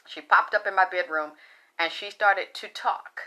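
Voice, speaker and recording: A woman's voice: medium pitch, fairly even intonation, moderate pace, pushed and bright. A middle-aged woman hosting a casual spiritual talk, blunt and profane, rambling with frequent restarts. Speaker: spiritual talk show host.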